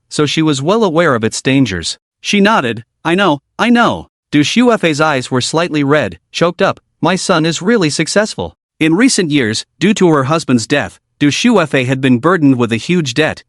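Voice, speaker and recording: Man, comic recap narration, fairly high voice, animated intonation, dry close sound. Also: no echo. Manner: reads every part in one steady narrating voice.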